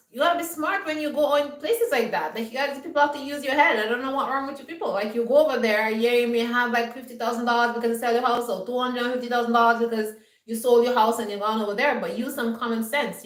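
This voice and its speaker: A woman vlogger lectures her viewers in an emphatic, scolding way, often asking "you understand?". Her voice sits a little high and sounds roomy and somewhat distant from the mic. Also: fast talker. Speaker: homestead vlogger. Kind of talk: lecturing monologue.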